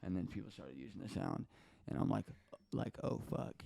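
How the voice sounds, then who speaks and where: Twenties male podcast guest, low and gravelly, clear, casual storyteller, animated, curses, does the other voices. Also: a little fast. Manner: animated, swears often, acts out quoted voices.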